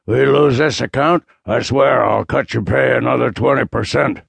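A man voicing a loud, raspy, mocking father in his sixties who speaks with contempt in a bass roar. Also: moderate pace, no room sound. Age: 60s. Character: loud raspy bully father, sixty-eight.

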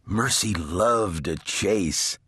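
A man narrating a children's audiobook in a slow, expressive storytelling manner. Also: sits low, husky, no room sound, studio quality.

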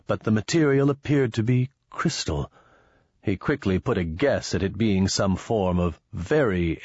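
A man narrating an audiobook in a steady, measured way, close to a studio mic. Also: lowish voice, breathy edge, no room sound, lo-fi sound. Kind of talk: scripted narration.

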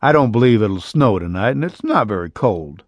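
Soft-spoken young cowboy, as a man reads him, earnest, lively pitch, dry close sound. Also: normal speed, no echo. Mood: easygoing. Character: gentle young cowboy in his twenties.

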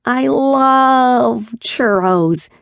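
Woman doing a squeaky whiny little creature. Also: very slow, vocal fry, dry recording, muffled recording, exaggerated voice. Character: small cheeky male creature, always hungry.

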